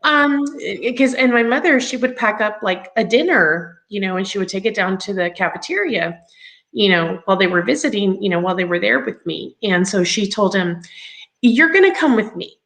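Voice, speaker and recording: A grown woman telling her own story as an interview guest, chatty and halting with many ums and laughs along the way. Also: medium pitch, fairly bright tone, low-quality recording. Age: adult.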